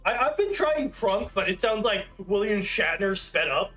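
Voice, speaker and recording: A man's voice: high-pitched, lively intonation, normal speed, pushed and bright, soft background music. A man in his thirties chatting casually on a livestream, rambling and self-deprecating with lots of fillers. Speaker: streamer.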